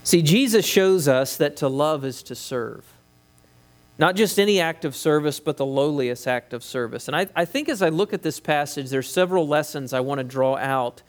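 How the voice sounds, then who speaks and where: A man with a slightly high-pitched voice delivers a sermon as pastor. He preaches emphatically, dropping in quick conversational asides to his listeners. He speaks into a headset mic. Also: lively intonation.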